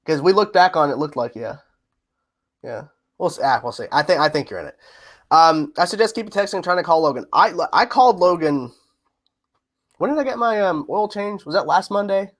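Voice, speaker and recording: A man's voice: fairly high pitch, expressive, moderate pace, fairly bright tone. A man hosting a casual livestream, reading out viewer questions and answering in a chatty, repetitive way with frequent laughs. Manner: chatty, laughs often, repeats himself. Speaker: livestream host.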